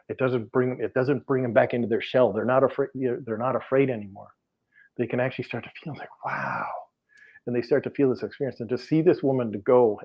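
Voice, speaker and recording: Middle-aged man, rambling earnest storyteller. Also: mid-range voice. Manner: rambling, earnest, many fillers and restarts. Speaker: energy healer guest. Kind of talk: podcast interview storytelling. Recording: dull lo-fi audio.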